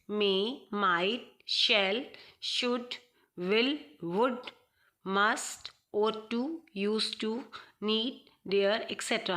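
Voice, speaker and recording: Bright-voiced woman teaching. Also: on the high side. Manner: hesitant, many fillers; repeats points for emphasis. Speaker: English teacher. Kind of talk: recorded online grammar lesson. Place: home.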